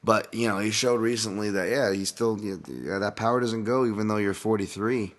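A man with a lowish voice hosts a podcast at a moderate pace. He's casual and rambling, swears often, and keeps drifting off on tangents.

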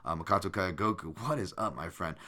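A man hosting a live show, talking casually as he reads viewers' comments aloud. His voice sits on the low side but sounds bright and forward. He speaks loosely, full of ums, uhs and restarts. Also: fairly quick. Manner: loose and conversational, frequent fillers and restarts. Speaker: podcast host.

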